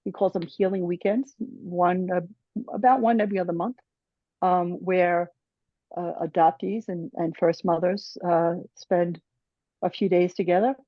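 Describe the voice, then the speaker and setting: A woman's voice: lowish voice, steady tone, dry recording. Woman presenter finishing her talk, stops and restarts a lot, keeps saying right, kinda lo-fi dry audio. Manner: halting, restarts often, tags "right?". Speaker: conference presenter. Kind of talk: personal closing remarks of a talk. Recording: dull dry lo-fi sound.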